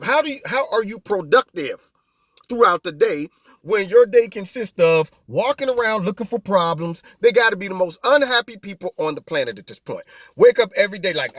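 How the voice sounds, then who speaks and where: A man hosting his own political commentary show, talking in an animated, mocking way full of rhetorical questions. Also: sits high, moderate pace, no echo, studio quality.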